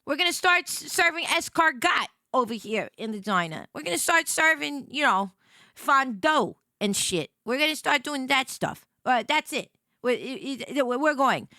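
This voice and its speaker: A woman's voice: high-pitched, lively intonation, normal speed, pushed and bright, no echo, clean studio sound. A woman livestreamer chatting casually with her viewers, playful and rambling, often stammering and repeating herself. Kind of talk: casual stream chat.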